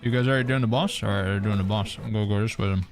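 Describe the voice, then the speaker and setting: Male streamer, lower register, easygoing gaming chat, faint music bed. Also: racing. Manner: relaxed, chatty, answers viewer questions while playing. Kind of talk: casual gaming commentary.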